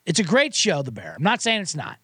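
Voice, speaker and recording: Sarcastic, high-voiced man ranting. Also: wildly swooping pitch, fairly quick, a bit bright, slightly rough, no room sound, studio quality. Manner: profane, sarcastic, rambling with restarts. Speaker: podcast host. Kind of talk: comedic rant.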